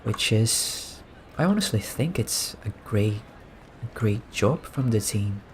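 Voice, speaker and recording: A man giving relaxed, soft-spoken gameplay commentary, musing and amused as he points things out. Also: fairly low pitch, slow pace, a little hiss or hum. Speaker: gaming streamer.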